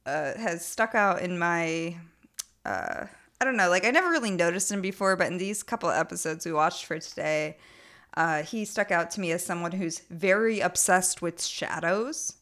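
A woman's voice: on the low side, normal speed, a bit bright. Giggly woman recapping a show. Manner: laughs often, many "like" fillers, mocking quoted voices. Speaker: podcast co-host. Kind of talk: casual chat recapping a TV show.

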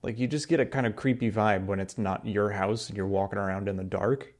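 A man's voice: on the low side, fairly even intonation, fairly quick. Man with dry wry remarks. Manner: dry, wry one-liners. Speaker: podcast co-host. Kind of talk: casual chat.

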